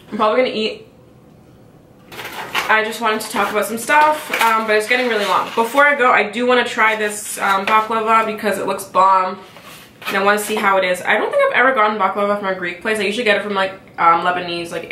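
A woman's voice: medium pitch, pushed and bright, slight background noise. A young woman vlogging a casual mukbang, ranting in a chatty, exasperated way full of fillers while eating and chewing at her table at home. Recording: echoey room.

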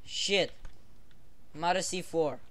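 A young man commenting casually on a game he plays with a friend, excitable and swearing, often bursting into shouts. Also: on the high side, takes it slowly, slight background noise. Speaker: gamer.

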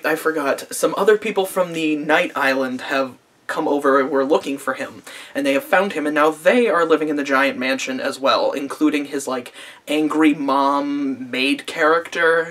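A man's voice: mid-range voice, normal speed, fairly bright tone. A man in his twenties giving a casual, profane vlog review of a show, rambling with lots of fillers and dry sarcasm. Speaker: anime reviewer.

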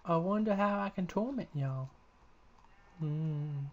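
A man's voice: fairly high pitch, slow pace, a little mellow, muffled recording. A young man giving casual, crude, joking commentary while playing a game, talking to the creatures on screen. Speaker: gamer uploading let's-play videos.

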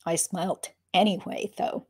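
A woman's voice: on the low side, steady tone, moderate pace, breathy edge. A woman reading a memoir aloud, breaking off for dry, wry asides between passages. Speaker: reader of a memoir.

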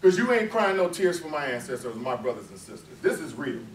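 A man's voice: on the high side, sing-song, brisk, slight background noise. A man giving an impassioned college lecture, emphatic and conversational, firing off rhetorical questions. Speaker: guest lecturer. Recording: echoey room, mic far off, faint ambience.

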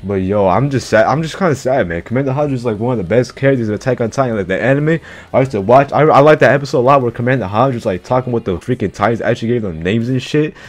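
A man's voice: mid-range voice, quick pace. A man casually reacting to an anime chapter, slangy and profane, who keeps blurting out exclamations.

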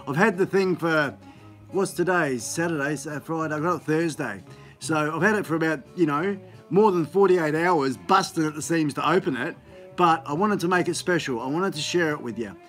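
A man's voice: on the high side, moderate pace, faint music behind. A man hosts a casual live stream, rambling in an upbeat, chatty way with many fillers, recorded on a phone on a gimbal.

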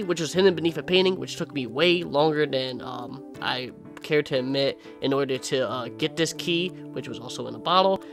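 A young man narrating his horror game playthrough, casually and with fillers, and goofing off taunting a game monster. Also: on the high side. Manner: laid-back narration with fillers. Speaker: gaming YouTuber. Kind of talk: let's play commentary with voice-over. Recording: loud game music behind.

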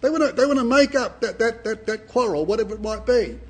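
A man's voice: very high voice, lively intonation, fast. An older man, giving an earnest, emphatic Bible sermon to a congregation and often repeating his words. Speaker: Bible speaker.

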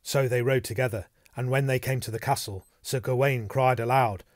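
In a studio-quality recording with no echo, a man of medium pitch reads an audiobook in a steady, measured storytelling style.

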